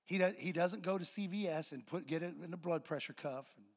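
A man's voice: on the high side, fairly quick. A man preaching a sermon to his congregation, telling a story and acting out voices and laughter. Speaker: pastor. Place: church sanctuary with congregation.

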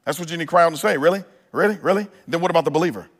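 A man's voice: on the high side, fairly even intonation, rapid-fire, fairly bright tone. Earnest preaching man. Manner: earnest preaching with rising emphasis and frequent restarts. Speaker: pastor. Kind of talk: sermon.

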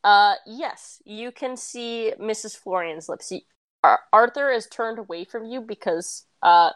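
A woman narrating as game master of a tabletop game, relaxed and chatty with plenty of fillers. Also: a little high, a little slow, no room sound.

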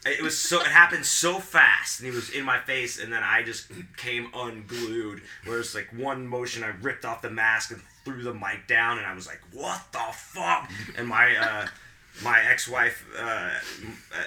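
A man's voice: medium pitch, normal speed, slight background noise. A man hosting a podcast, telling a wild story in casual chat with lots of swearing. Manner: profane, animated storyteller acting out voices. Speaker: podcast host.

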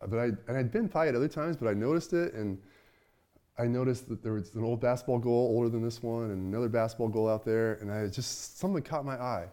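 Middle-aged male pastor, conversational sermon, shifts between emphatic and soft. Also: medium pitch, fast talker. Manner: conversational, swings from loud to hushed.

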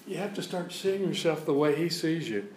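A man's voice: fairly high pitch, expressive, normal speed. Man, guest preacher, conversational sermon, repeats phrases, roomy church echo, faint hiss. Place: church sanctuary.

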